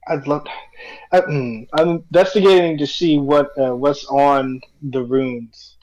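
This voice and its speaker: A man's voice: mid-range voice, fairly even intonation, a little slow, a little mellow, muffled recording. A man playing a tabletop game, hesitant and thinking aloud about his next move. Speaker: player.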